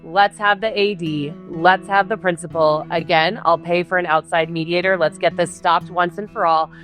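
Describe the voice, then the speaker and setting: A middle-aged woman speaks in a somewhat low voice, retelling a hard stretch of her life for a podcast. She voices both sides of the arguments with intensity. A faint music bed plays beneath her. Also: steady tone, moderate pace, a bit bright. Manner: intense, retelling heated quarrels with quoted dialogue. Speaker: guest telling her story. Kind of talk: podcast interview storytelling.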